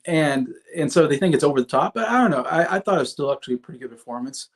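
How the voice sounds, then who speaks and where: A man's voice: medium pitch, fast, few pauses. A man in his thirties hosting a casual livestream, reviewing movies in a rambling way with many fillers and restarts and chatting with viewers. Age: 30s. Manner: chats with viewers in the comments.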